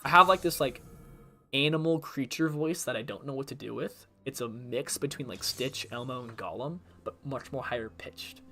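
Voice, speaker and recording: This young man streams a game and rambles in a relaxed, filler-heavy way. His mid-range voice comes out pushed and bright at a normal speed.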